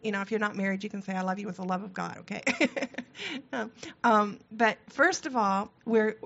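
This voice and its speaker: A woman's voice: medium pitch, fairly even intonation, normal speed, gravelly, fairly bright tone. Female church seminar co-leader, conversational with fillers, lo-fi recording. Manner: chatty, with laughs and filler words. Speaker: co-leader of a marriage workshop. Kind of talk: leading a church couples seminar. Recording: dull lo-fi sound.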